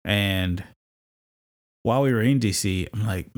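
A man's voice: fairly low pitch, unhurried. A married man with children who hosts a podcast, telling a personal faith story in a conversational, storytelling way with fillers and laughs. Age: adult, married with kids. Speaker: podcast host.

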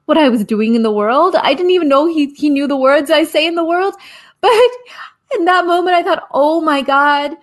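Woman, forties, slightly high voice, earnest, impassioned storytelling, rhythmic repetition. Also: a little fast. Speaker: guest speaker, activist.

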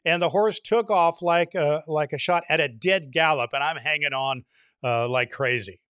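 A man with a fairly high speaking voice tells a long story in a relaxed, folksy way and stretches the setup out. He sometimes bursts into loud shouted lines. The sound is dry and close to the mic. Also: smooth, no room sound. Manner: folksy, drawn-out joke telling with loud shouted punchlines. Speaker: co-host telling a joke. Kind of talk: casual storytelling.

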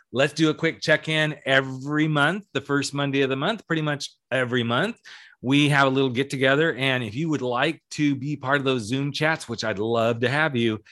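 A man's voice: fairly even intonation, fairly quick, fairly bright tone. Chatty, cheeky man hosting a podcast. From American South. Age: 40s or older. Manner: chatty, cheeky and emphatic, with swings in pitch and pace. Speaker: podcast host. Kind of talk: solo podcast advice talk.

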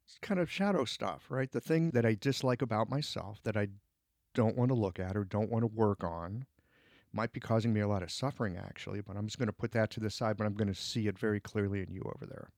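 A man's voice: fairly low pitch, fast, vocal fry, darkish tone, no echo, clean studio sound. A man co-hosting a podcast, talking in a thoughtful, searching way in casual reflective conversation, acting out his inner voice now and then. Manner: thoughtful, searching, with restarts and acted-out inner quotes. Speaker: podcast co-host.

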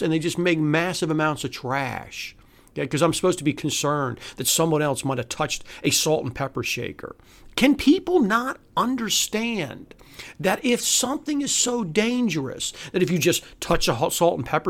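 A podcast host delivering an angry, profane, sarcastic solo rant. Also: medium pitch. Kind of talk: solo ranting monologue.

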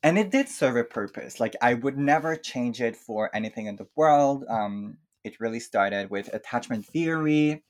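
A man speaking English as a second language, talking reflectively and softly with many fillers in a casual chat. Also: medium pitch, lively intonation, normal speed, hardly any pauses. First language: not English. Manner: reflective, soft-spoken, with frequent fillers. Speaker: podcast guest. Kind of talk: casual chat about emotional healing.

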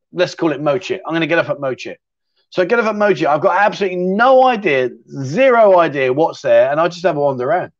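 A man hosting a casual livestream chat show, reading out viewer questions and chatting with lots of fillers and restarts. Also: on the high side. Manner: chatty, repeats words, frequent fillers and self-restarts. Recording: slightly dull, lo-fi sound.

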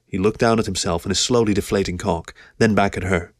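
A man narrating an audiobook in a steady, measured way. His voice sits on the low side, and the sound is dry and close with no room around it. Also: dry recording. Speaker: audiobook reader. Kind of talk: audiobook reading of an adult story.

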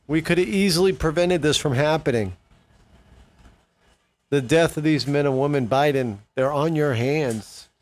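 A man's voice: mid-range voice, moderate pace. A man hosting a political commentary show, delivering an impassioned opinion monologue with indignant questions to his listeners.

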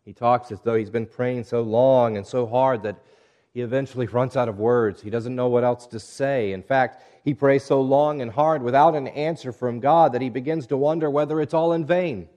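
A man preaching a sermon, reading scripture and speaking in a measured, earnest way that drops to hushed tones at times. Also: medium pitch, steady tone, dull audio. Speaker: pastor.

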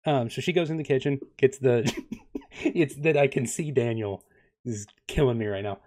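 A man's voice: medium pitch, normal speed, a little mellow. Hesitant young male game master. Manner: hesitant, many ums and uhs. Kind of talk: narrating a tabletop game.

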